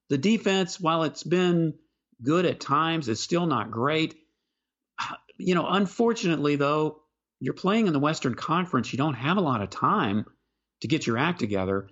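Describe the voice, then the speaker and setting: A man co-hosting a sports podcast, talking basketball in a casual, halting way and often repeating words as he starts a sentence. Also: fairly high pitch, fairly bright tone, dull audio.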